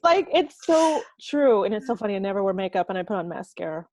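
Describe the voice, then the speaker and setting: A woman in her thirties, a podcast guest who works as a teacher, talking warmly and emotionally with a friend and laughing often. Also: medium pitch, sing-song, quick pace, dry recording. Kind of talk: casual chat.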